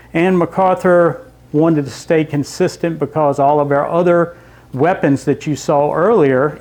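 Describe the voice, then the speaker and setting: A man's voice: on the high side, a little mellow. Man giving a slide lecture. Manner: conversational, explains step by step with asides to the audience. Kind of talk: public history lecture with slides. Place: library lecture room.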